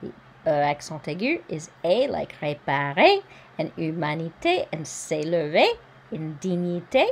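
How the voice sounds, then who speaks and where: A woman teaching French pronunciation, modelling each word slowly and carefully, then explaining the spelling and sounds. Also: low-pitched, very animated, vocal fry, breathy edge. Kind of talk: pronunciation lesson.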